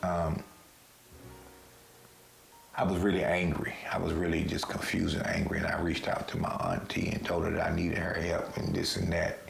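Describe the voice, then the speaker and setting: A man with a low, gravelly voice recounts his own story in a casual, heartfelt testimony. His delivery is earnest and conversational. The room around him rings with a noticeable echo. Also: moderate pace, faint music behind. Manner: earnest, conversational, emotional retelling. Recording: roomy echo.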